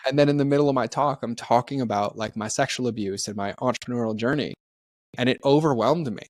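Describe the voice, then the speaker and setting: A man's voice: medium pitch, fast, darkish tone, no room sound. A man speaking as a podcast guest, telling candid, heartfelt stories in a casual way. He acts out the people in his stories and often says "like". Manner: peppers speech with "like". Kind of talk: candid conversational storytelling.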